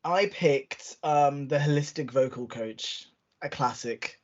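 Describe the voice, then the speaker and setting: A man's voice: fairly high pitch, slow pace, lo-fi sound. A man co-hosting a podcast, chatting casually and acting out quotes as he tells a story. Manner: chatty storytelling, acts out quotes, laughs often. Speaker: podcast co-host. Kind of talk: casual chat.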